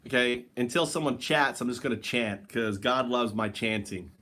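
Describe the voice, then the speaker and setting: A man's voice: medium pitch, moderate pace, pushed and bright. Man rambling wryly on a livestream. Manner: wry, joking, talks to an absent listener. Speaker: livestream host. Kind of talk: rambling solo livestream chat. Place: at home.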